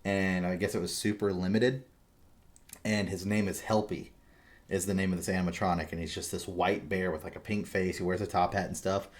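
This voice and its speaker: Rambling, cursing podcast host. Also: male voice, sits low, brisk. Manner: rambling, swears freely, animated storytelling. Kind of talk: casual chat.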